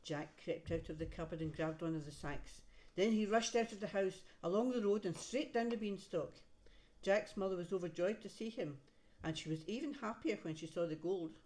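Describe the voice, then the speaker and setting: A woman reading a storybook aloud to a child, pausing to point out the pictures. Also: lowish voice, a little mellow. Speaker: reader to a child.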